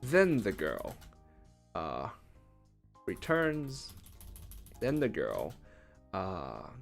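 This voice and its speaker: A man talking through a translation in a loose, casual way, his pitch bouncing up and down a lot. He thinks out loud as he works, with faint music playing softly behind him. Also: wildly swooping pitch, drawn-out words, vocal fry. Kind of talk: casual live-translation commentary.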